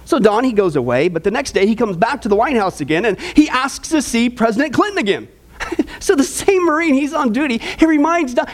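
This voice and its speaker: A man preaching as pastor, telling jokes and bantering with his audience in an animated way. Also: very high-pitched, brisk. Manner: animated, jokey, tosses in audience asides. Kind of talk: joking sermon.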